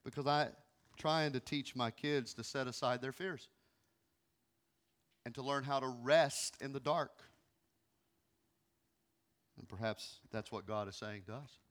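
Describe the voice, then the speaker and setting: A man in his thirties, a pastor preaching a sermon, moving from quiet, hushed passages to loud, pleading ones. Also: mid-range voice, measured pace, long pauses. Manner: emotional, swings from hushed to loud.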